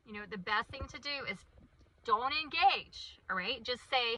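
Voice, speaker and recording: A woman's voice: on the high side, animated, measured pace, pushed and bright, no room sound, low-quality recording. A woman and parent giving a comedic, sarcastic, self-deprecating monologue about raising her son.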